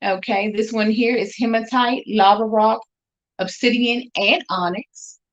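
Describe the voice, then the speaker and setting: A woman's voice: on the high side, steady tone, unhurried. Chatty woman selling on a live stream. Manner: chatty, upbeat, talks straight to viewers. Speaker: jewelry seller on a live stream. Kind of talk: casual live sales chat. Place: room at home. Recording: dull lo-fi stream audio.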